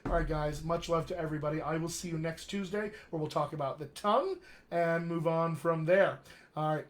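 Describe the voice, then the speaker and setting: Male dialect coach on a live stream, fairly high voice, friendly and chatty. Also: a little fast. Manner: chatty, upbeat, calls viewers "my friends". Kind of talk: live-streamed teaching session.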